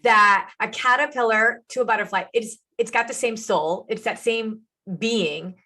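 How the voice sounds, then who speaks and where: A woman's voice: a little high, unhurried, sharp tone. A woman hosting a podcast interview, talking in an enthusiastic, encouraging way. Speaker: podcast host and nutrition coach.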